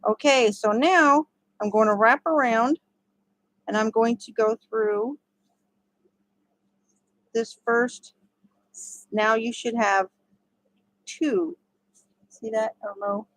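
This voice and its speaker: A woman with a drawl talks through a crochet project step by step, chatty and quick to laugh. Her voice sits a bit high, and the recording is dry and close with no room sound. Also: no room sound, low-quality recording. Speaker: crochet tutorial host. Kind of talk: casual step-by-step crafting tutorial.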